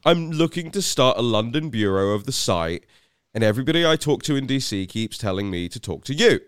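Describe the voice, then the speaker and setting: A man imitating a brash, booming American man who talks bluntly and familiarly. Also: lively intonation, fairly quick, clear, resonant tone, no room sound, studio quality, natural voice. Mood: brisk.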